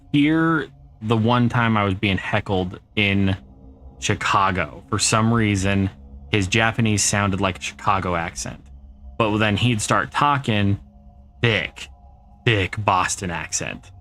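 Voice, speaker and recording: A man's voice: fairly low pitch, fairly bright tone. A middle-aged man streaming a game, chatting casually and answering viewer comments as he plays. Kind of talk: casual gameplay chat.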